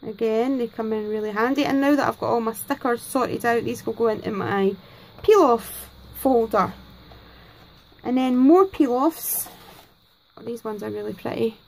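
A craft vlogger with a slightly high, gravelly voice talks at normal speed over poor audio. At her craft desk at home she unboxes her gifts for the camera, thanking people effusively with many exclamations.

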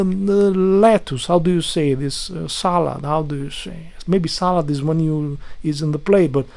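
A man's voice: a little high, moderate pace, gravelly, few pauses, warm tone. A man speaking English as a second language, ranting in exasperation to his viewers, swearing often and restarting his sentences. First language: not English. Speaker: vlogger. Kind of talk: casual rant to camera.

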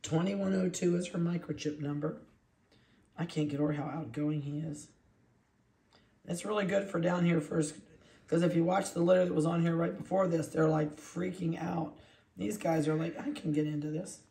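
A chatty dog breeder talks easily while handling puppies and slips into cooing baby talk. The voice sits at a mid pitch. The recording has a roomy echo, as if made in an indoor kennel room. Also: fairly even intonation, normal speed, warm tone.

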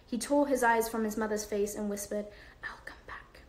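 A woman's voice: a little high, steady tone, moderate pace. Woman reading a novel aloud, roomy room. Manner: unpolished reading with fillers and self-corrections. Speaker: livestream host reading aloud.

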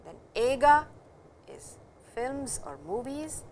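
A woman teaching a language lesson, explaining slowly and repeating each example sentence. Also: high voice, very animated, darkish tone, a little hiss or hum, rough recording. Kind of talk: classroom lecture.

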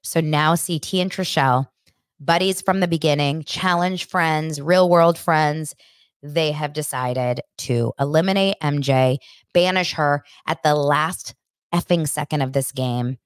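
A woman in her thirties hosts a chatty podcast in a fairly low voice, recorded dry and close with no room sound. She tells stories excitedly and acts out other people's lines. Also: measured pace, smooth, no echo. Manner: excitable, animated retelling with acted-out quotes. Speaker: podcast host. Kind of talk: casual chat recapping reality TV.

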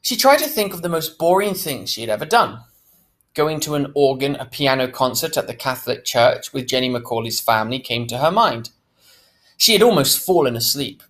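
A man reading a novel aloud, breaking in now and then with chatty asides. His pitch moves in a lively, animated way through the narration. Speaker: reader.

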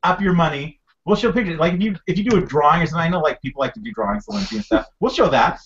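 A man running a casual group video chat, rambling and halting, often repeating words. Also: on the high side, lively intonation, a bit bright, a little hiss or hum. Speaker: film director hosting a webcast. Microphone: video call. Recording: dull lo-fi video call audio.

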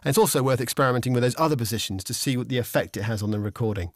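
Guy explaining mic stuff, relaxed, lots of ums, dry studio sound. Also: mid-range voice, very fast, no echo. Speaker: instructor. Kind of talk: casual instructional explanation. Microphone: studio condenser microphone with pop shield.

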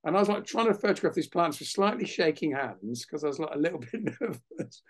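A man, a naturalist guest on a webinar, telling a lively anecdote over a video call and acting out other people's voices. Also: fairly high pitch, fairly quick. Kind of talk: anecdotal storytelling in a webinar interview.

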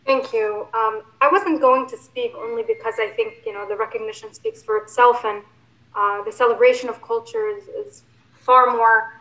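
A woman board member speaks off the cuff, hesitant, filling pauses and restarting her sentences. Her voice is bright and forward, set a little high for a woman. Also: steady tone, poor audio. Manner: hesitant, with many fillers and restarts. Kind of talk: unscripted remarks at a public meeting.

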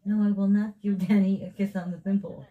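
A woman's voice: medium pitch, level tone, a little fast, narrow, tinny audio. A Japanese woman with a Japanese accent, chatting casually and teasing in a playful way. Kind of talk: casual chat.

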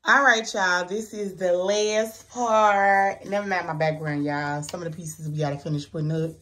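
A woman's voice: lowish voice, fairly even intonation, normal speed, fairly bright tone. A woman in her thirties vlogging in casual chat, talking straight to her viewers in a chatty, colloquial way.

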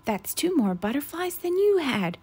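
A woman's voice: high voice, big pitch swings, normal speed, darkish tone, voice pushed up. A woman voicing a cheerful, eager male duck in a storybook read-aloud.

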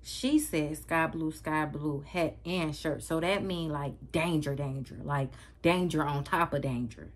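A woman's voice: deep voice, measured pace. A woman vlogger telling a dramatic story to her viewers in slangy, casual speech. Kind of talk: storytime vlog.

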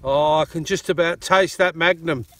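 An excitable Australian man chatting and joking outdoors in a paddock while metal detecting. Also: fairly high pitch, normal speed, a little hiss or hum. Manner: excitable, jokey, laughs often. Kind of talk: casual outdoor vlog chat.

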